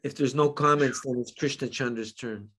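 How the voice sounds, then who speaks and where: A man's voice: mid-range voice, normal speed. A man leading an online study group, reading passages aloud and telling stories with frequent laughter over a video call. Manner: laughs often, lively storytelling. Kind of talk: reading aloud and casual chat.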